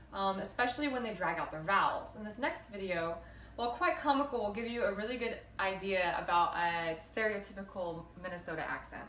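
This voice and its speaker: A woman's voice: medium pitch, fairly bright tone, reverberant, slight background noise. A woman, presenting a class project on dialects and stumbling now and then. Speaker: student presenter.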